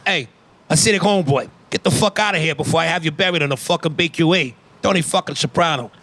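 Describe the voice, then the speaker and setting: A man's voice: a little high, fairly bright tone, no room sound. Tony Soprano, as a man does him: menacing mob boss. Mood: threatening. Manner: rapid, profane tough-guy threats. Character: menacing middle-aged mob boss, profane.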